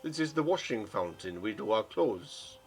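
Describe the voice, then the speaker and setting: A man voicing a gentle, weary townsman who speaks in an earnest, halting way. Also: lowish voice, sing-song, a little hiss or hum. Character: gentle foreign male townsman, weary but hopeful.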